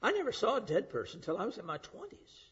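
A middle-aged male preacher delivering a sermon, rising to loud emphasis and dropping to hushed, whispered lines. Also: high voice, huge pitch swings, fast, breathy edge. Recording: dull lo-fi recording.

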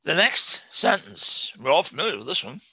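Gravelly preacher man, bright and lively. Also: a little high, no room sound. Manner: emphatic, drawn-out scripture reading. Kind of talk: sermon.

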